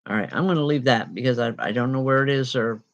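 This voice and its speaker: A woman's voice: very deep voice, fast talker, muffled recording. A woman working as a spiritual medium, giving readings. She calls people by name and passes on spirit messages in a reassuring way. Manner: addresses people directly by name.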